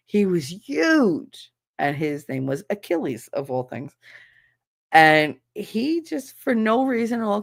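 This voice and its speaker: Gravelly, blunt woman telling stories. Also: fairly low pitch. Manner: animated, blunt, swears freely, laughs mid-story. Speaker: livestreamer and schoolteacher. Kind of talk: casual storytelling chat.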